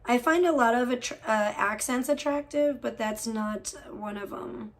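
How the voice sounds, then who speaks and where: Woman, livestreamer, higher-pitched, profane, gossipy, ranting casually. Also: normal speed. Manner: profane, gossipy, venting about other streamers.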